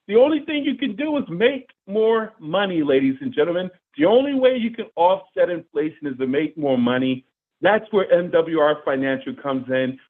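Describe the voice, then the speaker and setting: Male presenter, high voice, preachy energetic sales pitch, thin phone-like sound. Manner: energetic and preachy, addresses audience directly. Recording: tinny phone-like audio.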